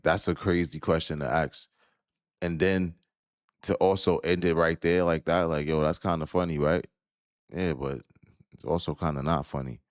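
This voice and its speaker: A man with a very low voice gives loose, slangy reaction commentary. He sounds eager and tends to repeat himself. The sound is dry and close. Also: no room sound. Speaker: host reacting to a video.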